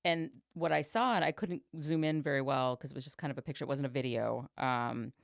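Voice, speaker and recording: A woman's voice: extremely low pitch, fairly quick, creaky, dry recording, studio quality. A woman co-hosting a casual sports podcast, rambling with plenty of ums and likes. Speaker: podcast co-host.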